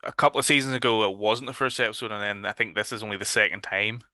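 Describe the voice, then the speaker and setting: A man's voice: lowish voice, fairly even intonation, fast talker, sharp tone, no room sound, studio quality. A man with a Northern Irish accent, co-hosting a casual horror podcast chat, swearing freely and loosely. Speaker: podcast co-host.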